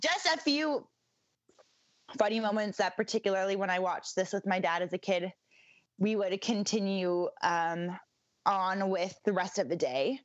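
A woman's voice: medium pitch, a little slow, dry recording. A woman co-hosting a podcast talks in a loose, casual way, with many ums and restarts. She laughs easily. The recording sounds dry and a little muffled. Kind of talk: casual chat.

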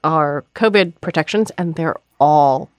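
Low-voiced chatty woman, dry studio mic. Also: a little slow, dry recording. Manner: chatty, energetic storyteller. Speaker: guest podcast host. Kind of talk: casual chat.

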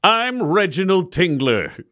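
A man voicing a grandstanding showman who rouses an arena crowd with slow, bombastic, shouted speeches in a tabletop game. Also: high voice, big pitch swings, pitched above the performer's own voice, full character voice. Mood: grandiose. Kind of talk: tabletop game role-play.

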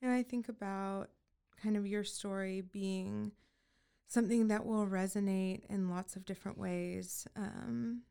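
A woman's voice: medium pitch, fairly even intonation, measured pace, vocal fry, mellow, clean tone. A woman hosting a podcast, affirming her guest and reflecting back what she hears. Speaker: podcast host. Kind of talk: supportive interview conversation.

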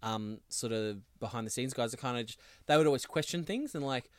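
A man's voice: medium pitch, lively intonation, fairly quick, smooth, dry recording. A man co-hosting a podcast in casual chat, rambling and jokey. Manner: rambling, jokey, drops into silly put-on accents. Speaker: podcast co-host.

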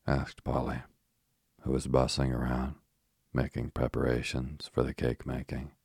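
A man narrating a bedtime sleep story in a slow, soothing reading voice. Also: a bass voice, monotone, creaky, darkish tone, slightly rough, no room sound, studio quality.

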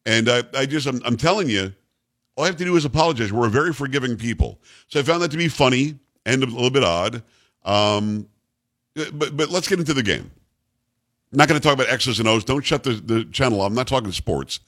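A middle-aged male talk host with a lively, swinging delivery. He is blunt and emphatic and circles back to repeat his points. His style is that of an opinionated monologue. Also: mid-range voice, fairly quick. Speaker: radio talk show host. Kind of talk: opinionated monologue on sports news.

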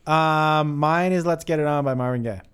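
A man's voice: fairly high pitch, moderate pace, smooth. Joking man podcast co-host. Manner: joking storyteller, swears freely. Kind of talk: casual podcast chat.

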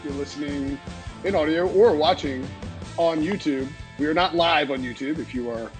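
A man hosting a sports podcast, chatting casually in a rambling, energetic way with lots of fillers and restarts. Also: on the high side, normal speed, over music. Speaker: podcast host.

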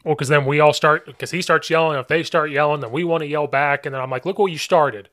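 A man hosting a casual podcast, a football coach himself, talking in animated bursts and laughing along. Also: on the high side. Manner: animated, laughs along, quick back-and-forth. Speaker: podcast host and high school football coach.

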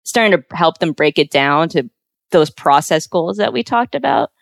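A woman's voice: low-pitched, animated, moderate pace, vocal fry, no echo. A woman hosting a casual interview, talking loosely with many fillers.

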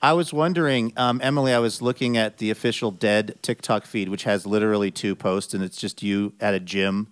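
A man's voice: lowish voice, fairly even intonation, a little fast, few pauses, no room sound. A man hosting a radio show, asking meandering, thoughtful interview questions.

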